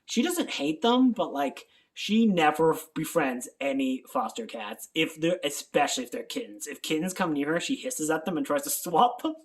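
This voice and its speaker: Chatty man with a lively voice. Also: a little high, moderate pace, hardly any pauses. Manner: rambling, chatty, laughs often. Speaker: channel host. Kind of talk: casual vlog chat. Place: at home.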